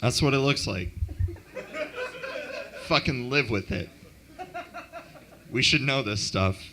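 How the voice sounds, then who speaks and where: A man doing a deadpan, self-mocking stand-up comedy set at an open mic in a club. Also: mid-range voice, takes it slowly, background noise.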